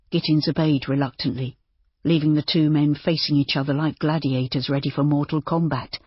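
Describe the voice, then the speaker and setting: An audiobook narrator reading a historical novel in a steady, measured way. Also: mid-range voice, husky, no room sound. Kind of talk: scripted narration. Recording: dull lo-fi dry.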